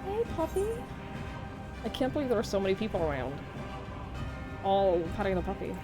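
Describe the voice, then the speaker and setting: A woman streaming a game live, talking casually and gushing in slow, drawn-out reactions. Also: medium pitch, animated. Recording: game music playing underneath.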